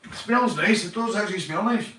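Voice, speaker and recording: A man's voice: high-pitched, fairly quick, pushed and bright, a little hiss or hum. A Northern Irish man hosting a casual livestream chat, rambling and swearing, calling everyone mate. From Northern Ireland. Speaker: livestream host. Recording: echoey room, mic at a distance.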